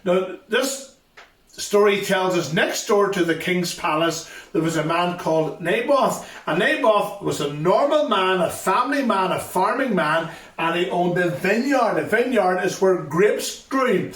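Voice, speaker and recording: A man with a fairly high voice retells a Bible story to a school assembly, driving points home by repeating them. He stands far from the mic in a roomy, echoing hall. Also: lively intonation, a little slow, a bit bright. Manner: storytelling, emphatic repetition. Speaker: youth ministry speaker.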